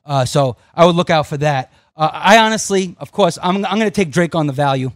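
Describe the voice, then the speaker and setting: A man hosting a fantasy football panel, steering the talk with quick questions to his co-hosts. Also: fairly high pitch, lively intonation, no room sound, clean studio sound. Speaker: fantasy football show host. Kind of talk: casual sports chat.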